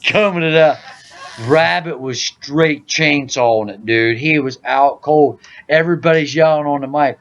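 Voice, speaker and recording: A man's voice: a little high, unhurried, muffled recording. A man hosting a casual podcast, telling joking stories and saying "dude" a lot. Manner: loud joking storyteller, says "dude" a lot. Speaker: podcast host. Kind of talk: casual gaming podcast chat.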